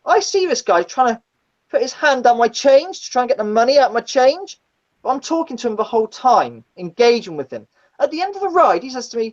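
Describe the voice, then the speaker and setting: A woman tells gritty stories in casual chat. She is blunt and swears freely, and she acts out the people she describes with a very lively pitch. The stream audio sounds dull and lo-fi. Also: brisk. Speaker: guest, former taxi driver. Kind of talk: casual storytelling in a live chat.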